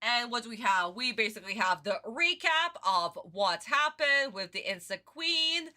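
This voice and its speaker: A woman streamer giving casual livestream reaction commentary in an animated, exclamatory way, swearing freely. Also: on the high side, normal speed.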